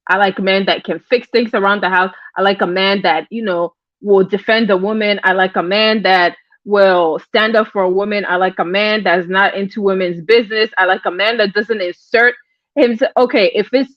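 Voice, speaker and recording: A woman's voice: mid-range voice, no echo, dull audio. A woman hosting a casual livestream, chatting with viewers, greeting them by name and often repeating her phrases. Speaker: livestream host.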